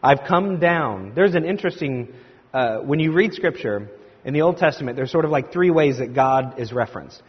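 A man's voice: mid-range voice, animated, fairly quick, husky. A man preaching a sermon, retelling a scripture story and quoting the figures with rising energy. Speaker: pastor. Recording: echoey hall, dull lo-fi sound.

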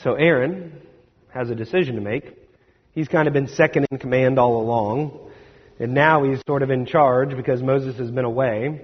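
A man's voice: mid-range voice, normal speed, husky. A male pastor preaching a sermon, retelling scripture casually and asking the congregation rhetorical questions. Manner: conversational storytelling with rhetorical questions. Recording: echoey hall, slightly dull.

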